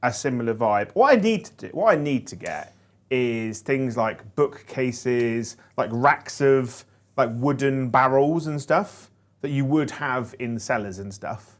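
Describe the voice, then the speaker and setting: A man's voice: medium pitch, animated, a little slow. A man playing a tabletop wargame, chatting casually and trailing off mid-sentence. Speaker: wargame player.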